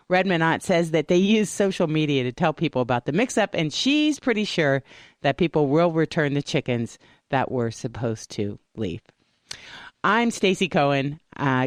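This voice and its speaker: A woman's voice: deep voice, sing-song, normal speed, no room sound, studio quality. A woman reading a scripted radio news update with punny, jokey asides. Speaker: news reader.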